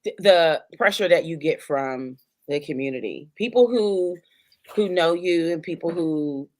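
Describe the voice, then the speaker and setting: Low-voiced woman, earnest and repetitive. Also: measured pace, a little mellow. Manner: earnest, explains in repeated phrases. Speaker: podcast co-host. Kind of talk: casual chat.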